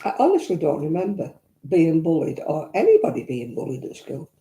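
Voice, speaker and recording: A woman's voice: low voice, wildly swooping pitch, fairly quick, mellow. An older woman with a Northern English accent, chatting casually and reminiscing while answering viewer comments, with blunt asides. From Northern England. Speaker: vlogger host. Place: indoors at home. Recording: echoey room.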